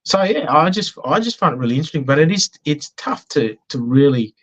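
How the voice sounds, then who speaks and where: A man's voice: fairly high pitch, sing-song, a little fast, fairly bright tone, poor audio. An Australian man chatting in an interview, telling anecdotes in a self-deprecating way. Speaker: business guest. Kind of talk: casual conversational interview.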